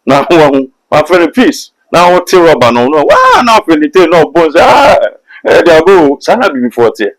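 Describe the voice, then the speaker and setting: A man, a prophet speaking as a guest on a talk show, excitable and laughing easily like a preacher. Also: on the high side, quick pace, rough recording.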